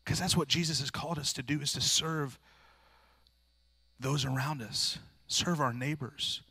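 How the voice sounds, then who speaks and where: A man's voice: fairly high pitch, measured pace, bright, forceful tone, slightly rough, dry recording. A male pastor preaching a sermon in a plain-spoken, earnest, informal way, restarting phrases often. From rural area.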